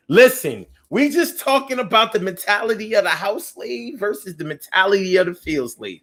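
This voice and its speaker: Reading his viewers' comments on a live call-in show, this fairly high-voiced man moves at a moderate pace with few pauses. He's animated and preachy, leans on repeated phrases for emphasis, and speaks in a loose, slangy way with many restarts.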